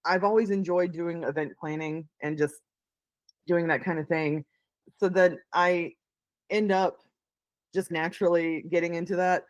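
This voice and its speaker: A woman's voice: fairly low pitch, steady tone, moderate pace, pauses often, dry recording. A middle-aged woman guest telling a story in a casual interview, acting out the voices she quotes.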